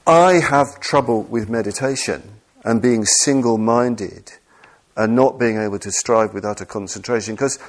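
A man's voice: medium pitch, measured pace. A man giving an earnest, self-deprecating Buddhist dharma talk, full of restarts and repetitions. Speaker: Buddhist teacher.

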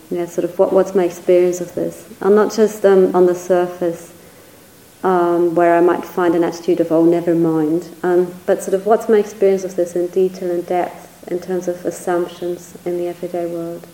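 A woman with a fairly low, mellow voice gives a reflective dharma talk as a Buddhist teacher, reaching for words and leaning on "sort of" as a hedge. The audio is poor and reverberant.

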